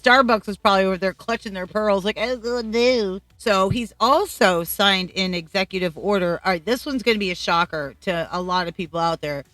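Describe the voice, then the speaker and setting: A woman's voice: medium pitch, a little fast, hardly any pauses, fairly bright tone, dry recording. A middle-aged woman from Colombia, vlogging blunt, profane opinions in casual commentary. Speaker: YouTube vlogger.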